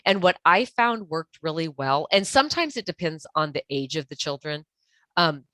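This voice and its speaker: A woman's voice: low voice, very animated, moderate pace, sharp tone, no room sound. A woman speaking as a guest expert in a podcast interview, giving earnest, direct advice with frequent restarts. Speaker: guest expert on toxic relationships.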